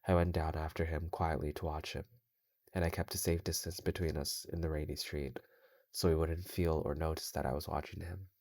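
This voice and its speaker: A man hosting his channel, reading scary stories in a measured, steady way while he plays a game. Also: a bass voice, no room sound. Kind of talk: horror story reading while gaming.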